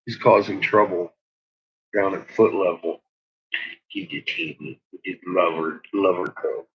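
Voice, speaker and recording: A man's voice: low voice, fairly even intonation, measured pace, breathy edge, highs cut off. A man chatting in a rambling way about his dogs, chuckling often and cooing at them. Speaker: dog owner vlogger. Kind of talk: casual rambling chat.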